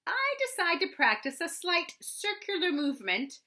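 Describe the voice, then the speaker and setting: A woman voicing a gloomy, dignified old male donkey in a storybook reading, with a slow, dry, sardonic drawl. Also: extremely high pitch, sing-song, sharp tone, voice pushed up, exaggerated voice.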